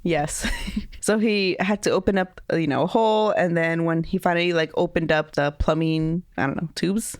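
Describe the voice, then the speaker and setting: A woman's voice: lowish voice, steady tone, normal speed, dry recording, clean studio sound. A woman co-hosting a podcast who sounds congested, telling a story in a casual, giggly, rambling way. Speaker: podcast co-host.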